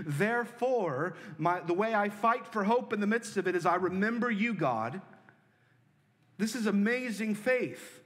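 Male pastor, earnest sermon delivery, slightly high voice, big reverberant hall, swings from pleading to hushed. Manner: earnest, swings between loud pleading and soft hushed lines.

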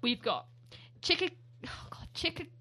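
A woman's voice: very high voice, sing-song, unhurried, bright, forceful tone. A British woman co-hosting a podcast in chatty, rambling casual talk, often giggling. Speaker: podcast co-host. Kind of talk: casual chat.

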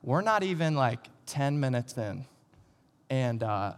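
A man's voice: mid-range voice, sing-song, a little slow, clean tone. A man telling a personal family story to an audience, laughing often and acting out voices of his family as he goes. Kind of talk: animated storytelling. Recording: reverberant hall sound.

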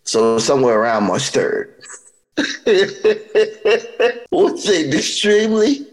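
Lively, laughing male comedy podcast host. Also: medium pitch, slow, poor audio. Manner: laughs often while reading aloud. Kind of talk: casual comedic chat.

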